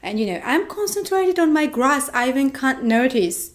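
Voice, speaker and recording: A woman's voice: high-pitched, sing-song, normal speed. A young woman from Georgia, an actress answering interview questions eagerly in simple phrases, often adding "you know".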